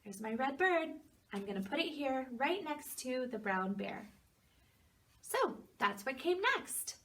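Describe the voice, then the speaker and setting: A woman who teaches preschool, leading young children through a story lesson in a gentle, encouraging voice with sing-song phrasing. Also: high voice, expressive, unhurried, recorded from a distance.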